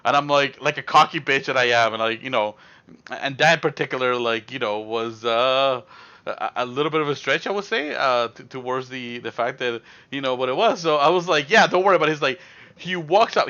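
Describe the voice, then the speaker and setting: A man's voice: medium pitch, sharp tone, dull audio. A young man telling a rambling story on a live stream, with lots of fillers and acted-out quotes.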